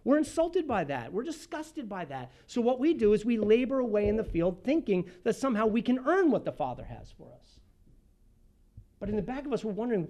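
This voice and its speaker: A pastor preaching a sermon, swinging from loud emphasis to hushed, almost whispered passages and acting out the people in the story. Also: medium pitch, very animated, a little fast. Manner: acts out the voices of the people he describes.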